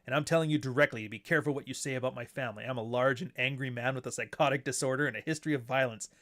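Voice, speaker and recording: A man's voice: medium pitch, steady tone, very fast, fairly bright tone. A man hosting his own show in a casual monologue, blunt and profane, who now and then mocks others in put-on voices. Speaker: show host.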